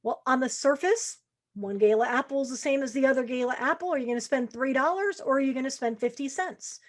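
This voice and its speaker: A middle-aged woman coaching salespeople on a podcast, in a slightly higher voice. She talks casually and slips into the voices of prospects and salespeople to make her points. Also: fairly quick. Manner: conversational, acts out quoted lines of prospects. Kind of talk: podcast sales advice monologue.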